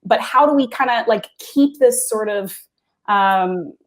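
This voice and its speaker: A woman's voice: fairly high pitch, a little slow. A woman co-hosting a podcast, chatting casually with many filler words. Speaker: podcast co-host.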